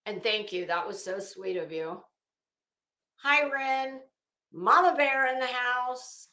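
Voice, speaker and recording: A woman's voice: a little high, slow, pushed and bright, roomy sound. A woman hosting a casual live stream, chatting with viewers by name and swearing freely. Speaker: live stream host reading chat.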